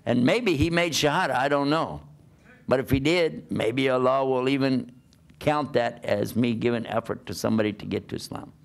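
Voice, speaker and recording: A man's voice: medium pitch, normal speed, gravelly. A man giving a conversational sermon, asking his listeners rhetorical questions as he preaches. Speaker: Islamic preacher.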